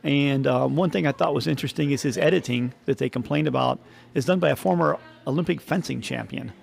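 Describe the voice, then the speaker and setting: A man's voice: mid-range voice, brisk, creaky, slight background noise. A man co-hosting a podcast, rambling through a story in casual chat and laughing often. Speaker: podcast co-host.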